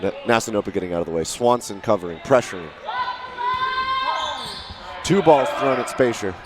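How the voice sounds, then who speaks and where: A man giving live play-by-play commentary, rising to shouts at big plays. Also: lowish voice, lively intonation, normal speed. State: out of breath.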